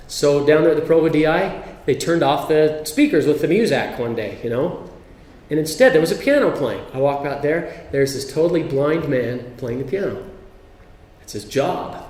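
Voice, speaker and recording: A fairly high-voiced man tells stories with lively energy, slipping into voices for the people he quotes. His talk rings out through a large hall with a long echo. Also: moderate pace. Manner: animated storyteller who acts out quotes. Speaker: speaker. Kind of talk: recorded religious talk. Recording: echoey hall.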